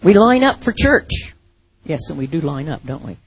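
A woman preaching a sermon, telling a Bible story with lively acted-out asides. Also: deep voice, moderate pace, slightly rough, rough recording.

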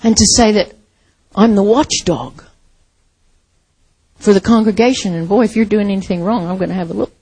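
A woman's voice: medium pitch, moderate pace, pauses often, darkish tone, slightly rough, low-quality recording. A woman pastor preaching a sermon in an earnest, heartfelt storytelling manner.

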